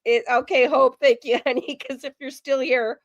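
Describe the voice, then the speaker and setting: A woman's voice: high-pitched, fairly even intonation, normal speed, lo-fi sound. Chatty woman hosting a true crime stream. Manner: chatty, talks straight to viewers. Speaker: true crime channel host. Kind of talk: live-stream commentary.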